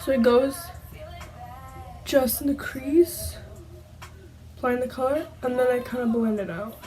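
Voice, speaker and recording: A woman's voice: sits high, measured pace, warm tone, low-quality recording. A young woman chatting casually through a makeup tutorial, a bit self-conscious and giggly. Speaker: beauty vlogger. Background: faint background music.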